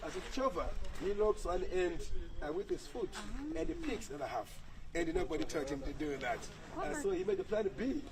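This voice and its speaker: High-voiced man guiding an elephant tour. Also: sing-song, fairly quick, low-quality recording. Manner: cheerful, praising, repetitive. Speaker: elephant sanctuary guide. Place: outdoors at an animal sanctuary. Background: crowd of visitors.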